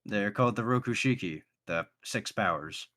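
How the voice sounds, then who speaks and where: A man voicing a friendly male fighter who teaches a secret technique, with a chatty, halting way of talking in a tabletop game. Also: lowish voice, animated, fairly bright tone. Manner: easygoing, chatty, with halting restarts. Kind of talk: tabletop role-play voicing.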